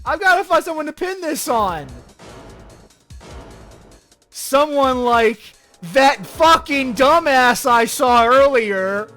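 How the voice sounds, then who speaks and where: A man's voice: very high-pitched, animated, slow pace, pushed and bright, soft background music, voice pushed up, full character voice. A man voicing a panicked male killer who schemes to frame someone, cursing as he goes. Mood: frantic.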